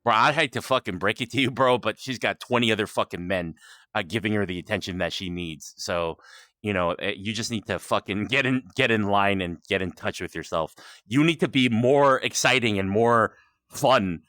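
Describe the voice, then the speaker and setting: A man hosting a casual chat in an online game, animated, laughing, and swearing freely. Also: fairly low pitch, normal speed, no echo, clean studio sound. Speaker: host.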